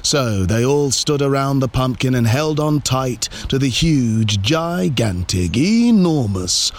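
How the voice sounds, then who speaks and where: A man reading a children's story aloud, slow and expressive, drawing out repeated words. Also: mid-range voice.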